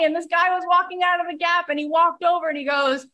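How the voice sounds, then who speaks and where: A woman's voice: extremely high pitch, moderate pace, hardly any pauses, sharp tone. A woman podcast host giving a passionate, emphatic motivational talk to her listeners.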